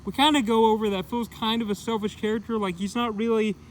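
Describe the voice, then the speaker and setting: A man's voice: high-pitched, steady tone, fast, a little hiss or hum, poor audio. A man giving a casual, rambling comic book review, full of "like" and "kinda". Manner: rambling, heavy use of "like" and "kinda".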